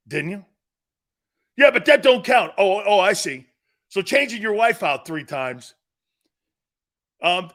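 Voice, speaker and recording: A man hosting a sports talk show, ranting loosely and acting out his own stories with brash, animated energy. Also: fairly high pitch. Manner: brash, animated storyteller, acts out dialogue. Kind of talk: loose sports radio rant.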